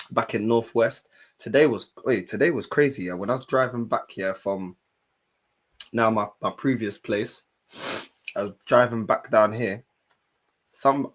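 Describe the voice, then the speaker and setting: Man, young adult, casual storytelling, slang, animated. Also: medium pitch. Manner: animated, slangy, swears, repeats himself. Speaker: streamer and fan channel host.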